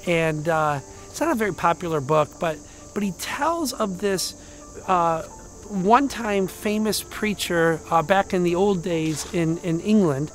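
Male pastor, higher-pitched voice, casual storytelling sermon, loud one moment and hushed the next. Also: a little slow, soft background music. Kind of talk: conversational sermon.

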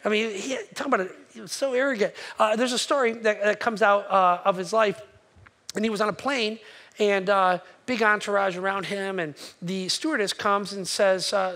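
A man's voice: high voice, steady tone, normal speed, pushed and bright. A man preaching a sermon as a pastor in a church, talking conversationally and checking in with his listeners. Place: church sanctuary.

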